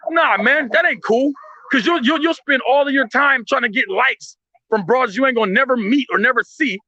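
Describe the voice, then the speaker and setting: A man's voice: extremely high pitch, normal speed, bright, forceful tone, highs cut off. A man speaking in heated, blunt commentary, profane and impassioned, often restarting his sentences.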